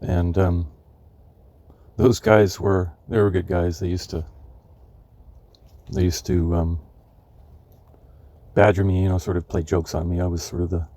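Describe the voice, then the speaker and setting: A man in his seventies from California, telling rambling memories of his youth, halting often as he searches for names. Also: sits low, flat delivery, warm tone. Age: 70s. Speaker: memoirist. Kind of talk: reminiscing memoir narration.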